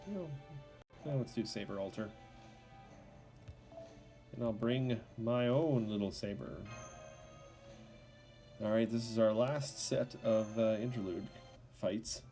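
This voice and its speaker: A male streamer chats casually over his live gameplay, stumbling and correcting himself as he goes. His voice sits a little low, and his relaxed, rambling delivery feels unscripted. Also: a little slow, pauses often, faint music behind. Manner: casual, chatty, with fillers and self-corrections.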